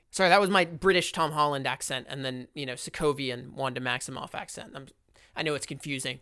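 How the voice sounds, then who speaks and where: A woman's voice: deep voice, a little fast, fairly bright tone. A young woman hosting a comedic commentary vlog, wry and sarcastic as she reads posts aloud. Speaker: YouTube host.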